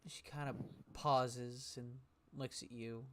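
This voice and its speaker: A man narrating a tabletop game as game master in a slow, relaxed way with pauses. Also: mid-range voice, noisy background.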